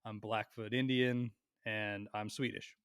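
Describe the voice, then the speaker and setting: A young man on a podcast, telling a long family story in a lively, animated way and swearing freely. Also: lowish voice, unhurried, clean tone, no echo, studio quality. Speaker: podcast co-host. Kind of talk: casual storytelling chat.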